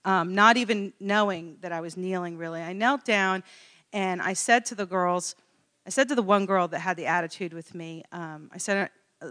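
A middle-aged woman telling a personal story in a casual interview, animated and laughing often. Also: lowish voice, normal speed.

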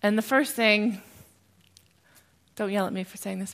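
A young woman from the United States giving a testimony and teaching at church, animated and growing loud and excited as she tells the story. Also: medium pitch, unhurried. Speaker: speaker sharing a testimony. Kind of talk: church testimony talk with slides.

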